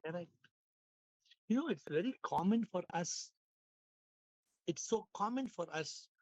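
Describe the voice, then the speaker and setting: A hoarse man, leading a spiritual class over a video call, playful and laughing, with lots of repetition. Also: high-pitched, animated, unhurried, dry recording. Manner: playful, laughing, repeats phrases, asks questions. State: hoarse, lost his voice. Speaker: spiritual teacher hosting an online class. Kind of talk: casual spiritual class talk.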